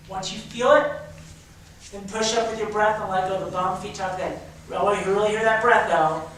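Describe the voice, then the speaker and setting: Male drama teacher, energetic, coaching a class, booming echo, distant mic. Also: slight background noise. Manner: energetic, coaching, frequent fillers. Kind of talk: leading a class exercise. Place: school drama room with hardwood floor. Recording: very echoey room, far from the mic.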